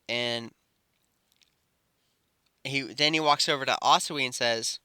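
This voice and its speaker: A young man improvising a fan-fiction story, rambling and halting with many restarts. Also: medium pitch, sharp tone, smooth, dry recording, clean studio sound.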